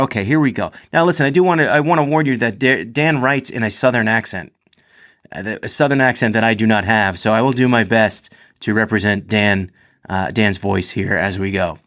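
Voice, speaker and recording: A man hosting a running podcast, chatting casually with restarts and then reading a listener's story aloud with growing animation. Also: mid-range voice. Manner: rambling, self-correcting, animated when reading. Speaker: podcast host.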